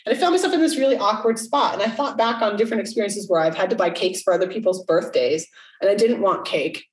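A woman's voice: mid-range voice, animated, fast talker. A middle-aged woman talks frankly on a podcast, dropping curse words. Her voice sounds roomy and a little distant from the mic. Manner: candid, swears freely, acts out quoted voices. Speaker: podcast co-host. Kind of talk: casual podcast chat.

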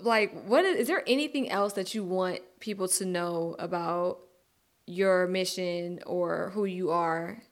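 A woman interviewing a guest, asking questions softly and reacting in brief words. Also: lowish voice, a little slow.

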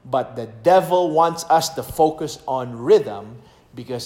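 A man's voice: medium pitch, animated, slow pace, a little mellow, roomy sound. A man preaching a sermon on music, stressing his points and singing short hymn lines to show rhythm. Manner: emphatic, sings hymn lines to demonstrate rhythm.

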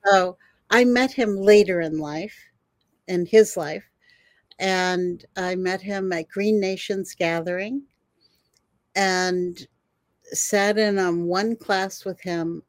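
An older woman, a herbalist guest, telling animated stories in a conversation and laughing often. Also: mid-range voice, takes it slowly, no room sound. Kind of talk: storytelling in a conversation.

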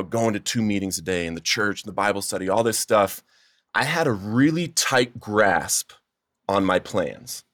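Earnest man with a low dry voice. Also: dry recording. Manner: earnest, emotional storytelling, rising to near-shouting in retold pleas. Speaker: testimony speaker. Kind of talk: personal recovery testimony.

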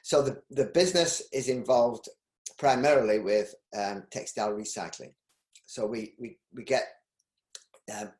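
Middle-aged Yorkshire man, interview guest, lowish voice, restarts a lot, roomy echo. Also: a little mellow. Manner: rambling, with frequent restarts and ums. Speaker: interview guest, business owner. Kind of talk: casual interview.

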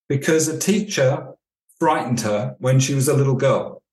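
A man's voice: medium pitch, moderate pace, darkish tone. A man, a leadership coach, answering interview questions and telling stories, acting out the dialogue as he goes. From United Kingdom. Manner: storytelling, acts out dialogue. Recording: echoey room.

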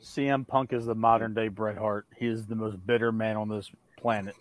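A man's voice: fairly low pitch, fairly even intonation, brisk, dry recording. Blunt, opinionated man, dry mic. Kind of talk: casual podcast chat.

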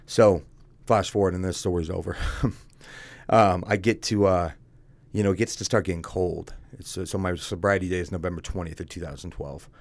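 A man with a very deep voice and plenty of gravelly fry tells his story as a guest. He talks bluntly and conversationally, tossing "dude" at the host. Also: fairly even intonation, normal speed, no echo. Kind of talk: casual candid storytelling.

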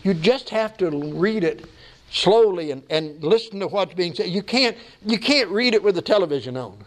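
Older man preaching, high-pitched and emphatic. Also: animated, moderate pace. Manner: preaching with rising emphatic questions and folksy asides. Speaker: pastor. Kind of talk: sermon.

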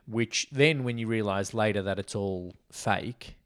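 A man's voice: lowish voice, unhurried. A man, co-hosting a casual film podcast, talkative and questioning, acting out quotes playfully. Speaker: podcast co-host. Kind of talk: casual film discussion chat.

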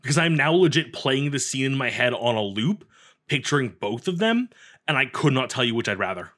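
A man co-hosting a podcast, talking in an enthusiastic, animated way with lots of "like". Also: medium pitch, brisk. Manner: animated, enthusiastic, says "like" often. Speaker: podcast co-host. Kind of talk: casual podcast discussion.

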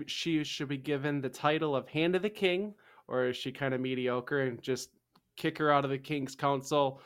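A man's voice: mid-range voice, smooth. A man co-hosting a casual history podcast, chatty and jokey, often trailing off and restarting. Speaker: podcast co-host.

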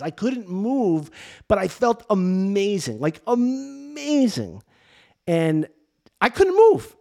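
A middle-aged man, a priest, telling a personal faith story in casual, animated talk with many restarts and fillers. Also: sits high. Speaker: priest and podcast host. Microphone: camera and mic for video podcast.

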